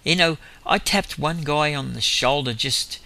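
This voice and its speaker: A man's voice: a little high, a little slow, gravelly, sharp tone. A man with an Australian accent tells faith stories in a rambling way, chuckling between them and correcting himself as he goes. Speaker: lay minister. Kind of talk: storytelling testimony.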